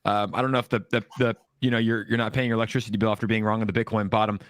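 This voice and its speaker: A man's voice: lowish voice, flat delivery, rapid-fire, no echo. A man hosting a casual crypto livestream, upbeat and teasing his guests. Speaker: host.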